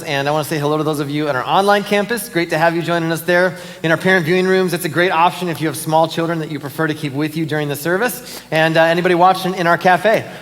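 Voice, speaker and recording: Speaking a little high, a man delivers relaxed church-service announcements and stories from the auditorium, where his voice trails off in a long reverb. He's a pastor and an animated storyteller who laughs and uses fillers.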